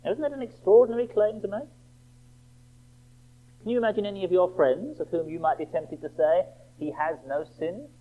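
A man preaching a sermon, emphatic and rhetorical, slowing right down for quoted scripture. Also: high-pitched. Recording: tinny phone-like band.

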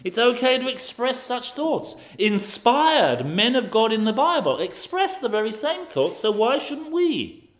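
A man's voice: extremely high pitch, very animated, a little slow. A man preaching a sermon, posing rhetorical questions with occasional fillers.

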